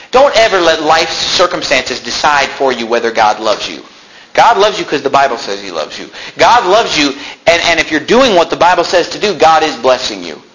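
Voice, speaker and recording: Laughing, bright-voiced male preacher. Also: fairly high pitch, rough recording. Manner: conversational preaching, laughs often, mimics whiny voices. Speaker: pastor. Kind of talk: sermon.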